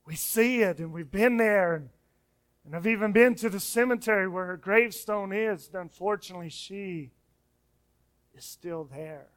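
High, smooth-voiced preacher man. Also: normal speed. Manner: emphatic preaching, drops to soft hush on key phrases; repeats words and restarts when speeding up. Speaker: pastor. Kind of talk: sermon.

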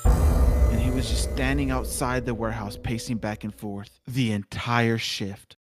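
A man co-hosting a podcast, telling a story in relaxed, casual banter. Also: mid-range voice, a little slow, over music. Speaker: podcast co-host.

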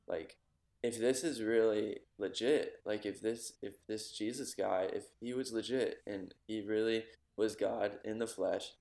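A man's voice: on the low side, steady tone, measured pace, creaky, darkish tone. A man in a casual podcast chat, talking reflectively and searching for words. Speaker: podcast conversation partner. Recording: roomy echo.

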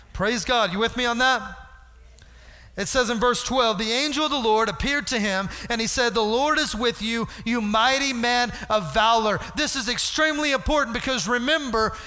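A man preaching a lively sermon to a congregation, acting out voices from Bible stories and asking for responses. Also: sits high. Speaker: pastor. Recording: hall reverb.

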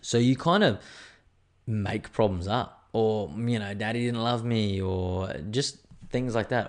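A man's voice: on the low side, moderate pace. An Australian man in his thirties, hosting a podcast in a rambling, crude, self-mocking solo chat full of swearing. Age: 30s. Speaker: podcast host.

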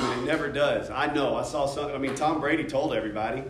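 An American man leads a church class in a loose, conversational way, tossing questions to the room. His voice sits a little high. He is picked up from a distance in an echoey room with faint background noise. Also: fairly quick, few pauses. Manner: conversational, asks the class questions, jokes and laughs. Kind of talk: informal teaching talk.

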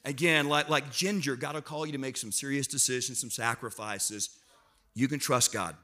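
A man preaching as a guest speaker to a church congregation, lively and self-deprecating, prompting the crowd to answer. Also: medium pitch, normal speed. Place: church auditorium.

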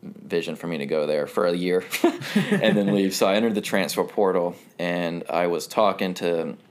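This guest, a man in his twenties from North Carolina, has a deep, low voice and tells a story casually at a normal speed. He rambles easily, packing his sentences with "like" and "um" and laughing now and then.

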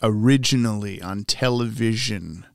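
A young man hosts a casual podcast with a smooth, resonant voice. He rambles, corrects himself and laughs easily. The sound is dry and close. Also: fairly low pitch, unhurried, no room sound. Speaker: podcast co-host.

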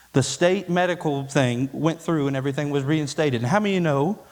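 A man's voice: fairly high pitch, darkish tone, big-room sound. A man preaching a sermon as pastor, folksy and conversational, building to emphatic peaks. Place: church sanctuary.

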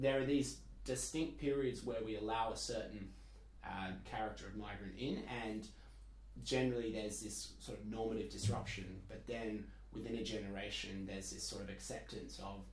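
A young Australian man, a podcast guest, explaining things thoughtfully with a wry edge. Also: fairly low pitch. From Perth, Australia. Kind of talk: casual podcast chat. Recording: echoey room, light hiss.

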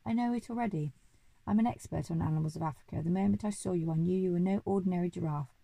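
A woman's voice: lowish voice, fast talker, creaky, mellow, dry recording, rough recording. A woman voicing a grand, boastful male duke who thinks himself an expert on animals, speaking in a pompous, hearty way.

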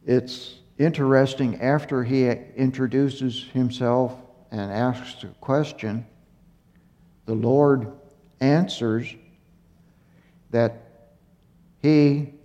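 A man giving a Bible teaching, speaking slowly and haltingly with fillers and self-corrections, a little out of breath. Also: medium pitch, steady tone, mellow. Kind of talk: unhurried Torah teaching. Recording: muffled recording in a reverberant hall.

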